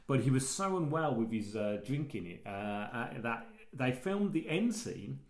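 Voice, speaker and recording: A man in a relaxed podcast chat, laying out film history and trivia at a steady mid pitch, with plenty of ums and restarts. His voice sits in a noticeably roomy, echoing space. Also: unhurried. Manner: informative, reads out background facts with hesitant fillers. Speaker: podcast host. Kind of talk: casual film-discussion chat. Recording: roomy echo.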